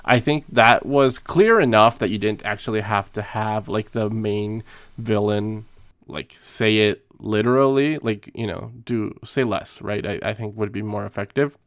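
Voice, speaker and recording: A man casually reviewing a movie as a podcast co-host, talking haltingly with lots of fillers and restarts. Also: lowish voice, no room sound, studio quality.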